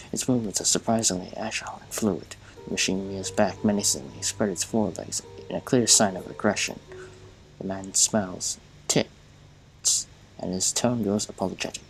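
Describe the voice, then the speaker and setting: A man's voice: fairly low pitch, moderate pace, vocal fry, faint music behind, poor audio. A man playing a game and reading its text aloud in a casual way, often stumbling and restarting words. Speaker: gamer.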